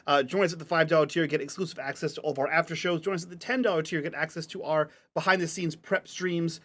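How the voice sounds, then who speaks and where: A man's voice: on the high side, steady tone, a bit bright. A man running a tabletop role-playing game, narrating scenes and chatting playfully with his players. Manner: playful, chatty, halting when improvising. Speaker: game master.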